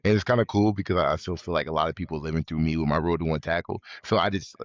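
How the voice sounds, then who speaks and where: A young American man, a college football player, talking as a guest in a remote interview, relaxed and halting, often repeating himself. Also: very deep voice, highs cut off. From United States. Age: young adult.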